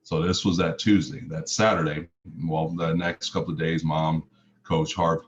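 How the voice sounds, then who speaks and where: Very deep-voiced man telling his story. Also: flat delivery, normal speed, background noise. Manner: vivid present-tense storytelling, emotional. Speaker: motivational speaker. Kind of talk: personal storytelling talk. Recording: slightly muffled recording.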